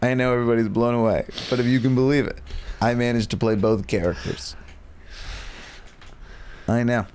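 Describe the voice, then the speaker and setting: A man's voice: mid-range voice, fairly even intonation, normal speed, pauses often, darkish tone, slight background noise. A man from Virginia, a podcast guest in casual chat, telling self-deprecating stories with mock boasting. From Virginia, United States.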